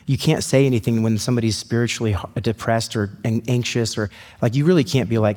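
A man preaching a sermon in a conversational, storytelling way, slowing down to read scripture. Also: medium pitch, darkish tone, in a large hall. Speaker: pastor.

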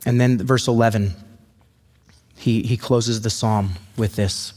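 A man preaching a sermon in a conversational, storytelling way, slowing down to read scripture. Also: on the low side, steady tone, a little mellow, big-room sound. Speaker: pastor.

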